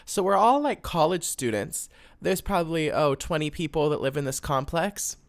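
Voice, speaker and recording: A man's voice: a little high, expressive, normal speed, vocal fry. Young male podcast host, irritated venting monologue with lots of swearing and filler. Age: young adult. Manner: exasperated, swears freely, rambling with fillers. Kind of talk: casual solo podcast rant.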